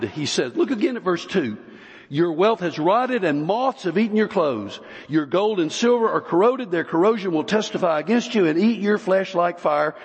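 A male pastor preaching a sermon, slow and emphatic, with long pauses between phrases. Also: a little high, husky. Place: church sanctuary. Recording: dull, lo-fi recording with long hall reverb.

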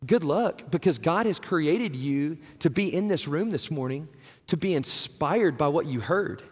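A man's voice: a little high, lively intonation, a little slow, slightly rough. A man, preaching a conversational, earnest sermon. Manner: conversational, earnest, says "right?" and "man" often. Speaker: pastor. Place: church sanctuary. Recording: long hall reverb.

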